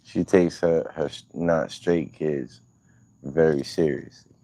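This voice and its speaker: A man's voice: extremely low pitch, takes it slowly, vocal fry, mellow. A man hosting a livestream, chatting casually with viewers in loose, profane, rambling banter. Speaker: livestream host.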